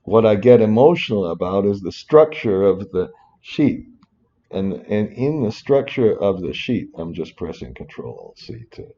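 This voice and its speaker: Unhurried, with a lowish, dark-toned voice and big pitch swings, a man teaches finance in a screen-recorded spreadsheet tutorial. The audio is dull, and he rambles, stopping for muttered asides and apologies.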